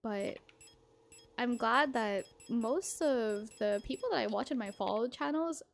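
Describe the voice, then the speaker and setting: Bubbly high-voiced young woman streamer. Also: a little slow, creaky. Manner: bubbly, giggly, greets chat by name. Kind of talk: casual game-stream chat. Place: small room with thin walls, indoors.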